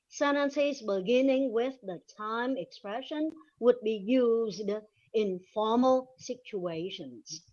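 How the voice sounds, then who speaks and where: A woman whose first language is Vietnamese, presenting a linguistics webinar in slow, deliberate reading with pauses. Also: on the high side. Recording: dull lo-fi recording.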